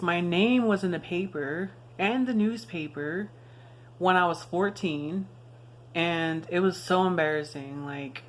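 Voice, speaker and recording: A young woman recounts a personal story in a loose, frank vlog style, peppering her speech with fillers and the odd curse. Her voice sits a little on the low side. A faint hum runs underneath. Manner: casual, frank, swears freely, many fillers. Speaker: vlogger.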